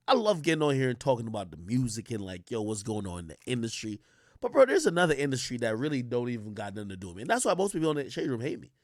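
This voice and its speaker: A man's voice: on the high side, no room sound, studio quality. A man streaming live, ranting casually in a profane, storytelling way. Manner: animated, profane, storytelling with quoted voices. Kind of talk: casual livestream rant.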